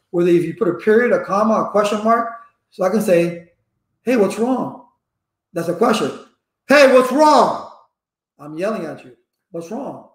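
A man talking casually to viewers as a networking instructor, a lively storyteller full of personal anecdotes. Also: high-pitched. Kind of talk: casual rambling talk to viewers. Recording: echoey room.

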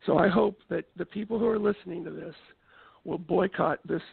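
A man calling in to a show, making an indignant, preachy complaint in a gravelly voice. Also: high voice, fairly quick, dry recording. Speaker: caller. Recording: tinny phone line.

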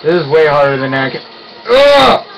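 A young man giving casual let's-play commentary, excitable and quick to yelp and groan when he fails. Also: a little high, faint music behind, rough recording. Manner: excitable, yelps and groans at failures. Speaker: gaming YouTuber.

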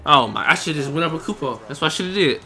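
A young man narrates his basketball game as he plays, cheering the players on and groaning at misses. His voice is very bright and slightly high for a man. Its pitch swings widely as he reacts. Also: fast. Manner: excitable, reacts loudly to plays, talks to players and viewers. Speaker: gaming YouTuber. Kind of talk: live gameplay commentary.

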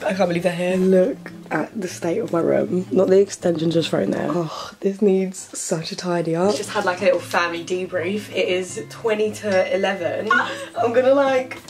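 A woman's voice: fairly low pitch, moderate pace. A young woman chatting to camera in her bedroom, telling a story full of fillers. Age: young adult. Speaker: vlogger. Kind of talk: casual chat to camera.

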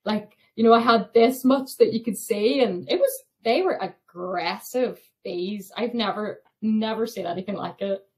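A woman's voice: medium pitch, animated, normal speed, few pauses. Young woman, podcast guest, chatty storyteller who laughs a lot. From Ireland. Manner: chatty, laughs often, many fillers. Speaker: podcast guest, thru-hiker. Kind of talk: casual storytelling interview.

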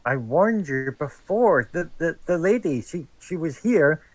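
Excitable, rambling man. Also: fairly high pitch, unhurried, few pauses, no echo, poor audio. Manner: excitable, rambling, loses his train of thought. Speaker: player. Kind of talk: playing a character in a tabletop game.

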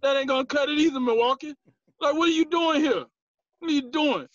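A man co-hosting a casual sports chat, playfully trash-talking teams in an animated way. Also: very high-pitched, a little fast, no room sound, highs cut off. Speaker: podcast co-host.

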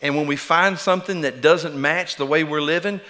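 A middle-aged man delivers a sermon from a church stage, his voice bright and forward. He talks in a folksy, self-deprecating way and often restarts his phrases. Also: on the high side, moderate pace. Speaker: preacher. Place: church sanctuary.

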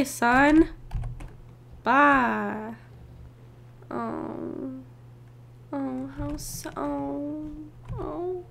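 A young woman hosts a gaming channel, giving excitable let's-play commentary and groaning and shrieking as her rider crashes. Her voice is high and creaky, with slight background noise.

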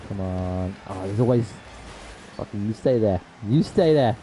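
Fairly low and warm, his voice is animated yet a little slow, in a rough recording with a slight hiss or hum. He addresses his stream's chat while playing, all slang and "bro," swearing and raging at plays, then offering apologies.

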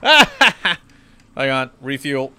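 Rowdy gamer, bright voice. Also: male voice, mid-range voice, big pitch swings, drawn-out words, smooth, no room sound. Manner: rowdy, joking banter at the game, cursing. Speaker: gaming YouTuber. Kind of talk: let's play commentary.

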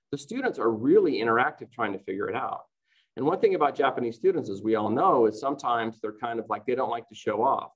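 A man's voice: mid-range voice, low-quality recording. A man presenting to fellow teachers in an online conference talk, explaining classroom activities in a chatty way and often checking in with "right?".

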